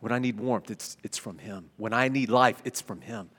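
A man preaching a sermon, stumbling over repeated words and swinging between loud emphasis and hushed tones. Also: fairly low pitch, moderate pace, breathy edge. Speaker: pastor. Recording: long hall reverb.

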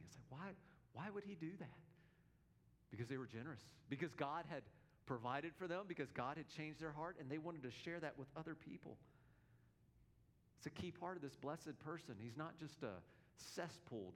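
A male pastor delivers a sermon in an earnest, emphatic way. His voice sits a little high for a man. He often repeats words as he drives his points home. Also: brisk.

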